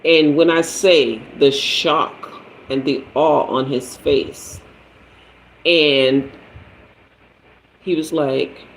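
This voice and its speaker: Slow-talking man telling a story. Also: fairly high pitch, steady tone, slight background noise, rough recording. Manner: chatty, personal storytelling, answers viewers by name. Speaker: livestream host, tarot reader. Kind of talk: casual livestream storytelling.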